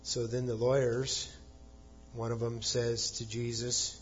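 A man's voice: medium pitch, little pitch movement, unhurried, a little mellow, lo-fi sound, a little hiss or hum. A man preaching a sermon, explaining scripture conversationally and acting out quoted lines with a chuckle. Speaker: pastor.

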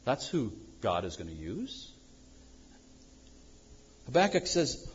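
A man preaching a sermon as pastor, swinging from loud acted-out prayers to low, quiet asides. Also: slow pace, long pauses, husky, lo-fi sound. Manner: animated preaching, acting out prayers loudly then dropping low.

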